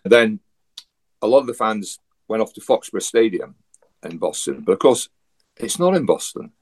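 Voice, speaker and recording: Scottish man, very deep voice, husky, chatty storytelling with wry asides. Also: lively intonation, moderate pace, a little mellow. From Scotland. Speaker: guest. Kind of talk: casual storytelling.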